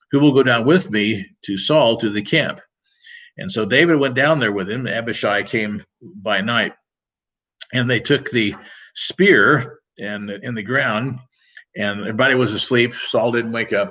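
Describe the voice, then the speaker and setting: In a church, a man with a fairly low, bright, forceful voice leads a Bible study, captured in poor audio. He reads scripture verses aloud and then paraphrases them in plain, casual words.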